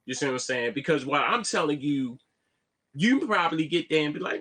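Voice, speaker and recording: A man talks straight into his camera in a loose, rambling live-stream monologue. His fairly high voice swings up and down a lot, and he often stumbles and restarts his sentences. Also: a little fast. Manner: animated, repeats "you see what I'm saying", stammers on restarts. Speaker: vlogger.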